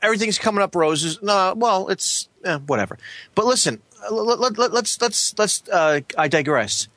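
A man co-hosting a podcast, telling rambling stories in a deadpan way. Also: high voice, moderate pace, dry recording. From New Jersey. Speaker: podcast co-host. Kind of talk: casual chat.

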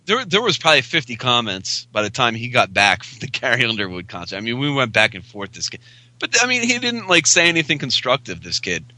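A man's voice: medium pitch, very animated, brisk, sharp tone, dry recording. A man co-hosting a podcast in laid-back, joking, profane banter from a home laptop setup. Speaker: podcast co-host. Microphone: laptop podcast mic at home.

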